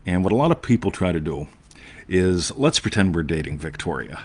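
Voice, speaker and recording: A man's voice: sits low, sing-song, a little fast, breathy edge. A man co-hosting a live online show, talking in a jokey, digressive way and often asking "right?". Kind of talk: casual, rambling live-stream chat.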